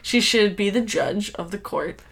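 A woman's voice: medium pitch, a little slow, fairly bright tone, slightly rough. A woman from South Carolina co-hosting a podcast in casual chat, joking and laughing often. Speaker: podcast co-host.

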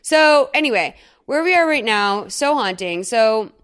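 A woman with a slightly high voice co-hosts a podcast in loose, casual chat. Her storytelling is animated and studded with "like" fillers. She breaks into laughter often. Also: measured pace, clean tone. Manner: chatty, animated storytelling full of 'like' fillers; laughs often mid-sentence. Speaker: podcast co-host. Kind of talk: casual chat recapping a movie.

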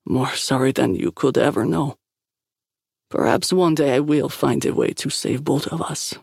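A guilt-ridden, resigned man, heavy and slow in his speech, voiced by a woman reading a story. His tone is gravelly and low. The sound is dry and close. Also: a little mellow, dry recording. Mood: solemn. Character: guilt-ridden cursed Russian man, bitter.

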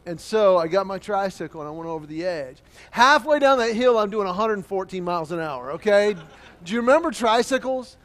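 A man preaching a sermon, telling a childhood story with lively acted-out voices and quotes. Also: high-pitched, a little fast. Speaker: pastor.

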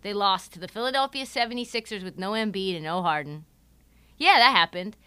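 A woman's voice: medium pitch, a little fast, clean tone, no echo. A woman hosting a podcast, giving casual, jokey sports commentary with plenty of swearing. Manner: animated, profane, jokey, acts out quotes. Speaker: podcast host.

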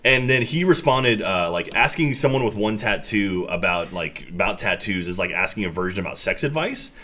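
A man's voice: low voice, expressive, moderate pace, sharp tone. A man on a podcast telling an indignant story in casual chat, swearing as he goes. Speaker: podcast co-host.

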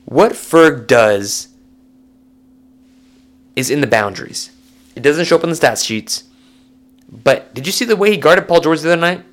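Animated, gravelly young man. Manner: animated, jokey rants that swing between high excitement and low mumbles. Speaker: solo podcast host. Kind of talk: casual sports podcast talk.

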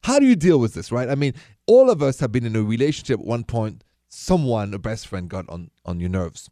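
A man hosts a call-in dating advice show on the radio, talking in a chatty, coaching way. His voice is mellow and dark, and it sounds close and dry in the studio with no room around it. He likes to repeat his main points. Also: mid-range voice, very animated, fairly quick, no echo.

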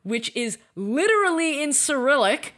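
Animated woman telling a story on a podcast. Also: high-pitched, moderate pace. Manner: animated, laughing, acts out quoted dialogue. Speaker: podcast co-host. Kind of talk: casual storytelling chat.

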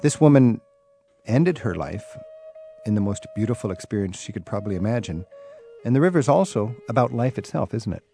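A man's voice: fairly low pitch, expressive, a little fast, gravelly, mellow, faint music behind. A man hosting a radio interview, asking questions and introducing the next segment. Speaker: radio host.

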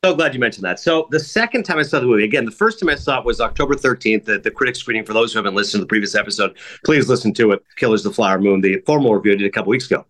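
A man co-hosting a casual podcast, reviewing films and telling animated stories with acted-out quotes. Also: fairly low pitch, very fast. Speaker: film critic and co-host.

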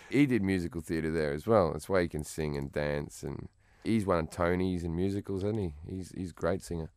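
A man's voice: sits low, a little fast, clean tone, no room sound, clean studio sound. A man with an Australian accent, chatting as a comedian guest in an interview, blunt, profane and self-mocking. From Western Australia. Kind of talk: casual interview chat.

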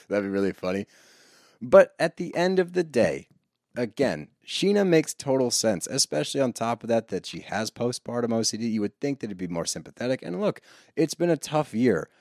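A man's voice: mid-range voice, big pitch swings, normal speed, darkish tone, no echo, clean studio sound. A man co-hosting a podcast, chatting casually, agreeable and joking along. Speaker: podcast co-host. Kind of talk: casual recap chat.

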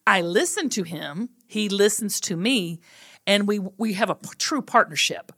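A middle-aged woman hosts a casual podcast chat with a bright, crisp-edged voice. She tells stories about home life with a teasing, animated delivery. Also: medium pitch, moderate pace. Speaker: podcast host.

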